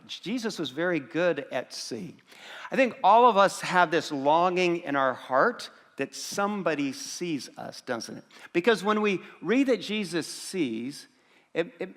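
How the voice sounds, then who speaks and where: A man's voice: a little high, a bit bright, big-room sound. A male pastor preaching a sermon to a congregation in a conversational way, asking the audience rhetorical questions and often repeating words as he restarts. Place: church auditorium before a congregation.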